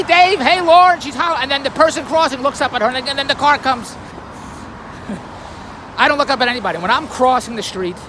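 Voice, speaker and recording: A man with a very high voice tells a rambling everyday story in a grumbling, self-amused way, his pitch bouncing up and down as he goes. He sits in a car by a busy street, and traffic noise comes through clearly behind him. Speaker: vlogger.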